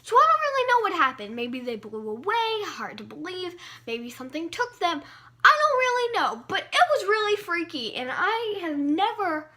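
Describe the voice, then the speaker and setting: High, lively woman telling a story. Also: normal speed. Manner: animated, dramatic storytelling. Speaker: vlogger. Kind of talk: story time vlog.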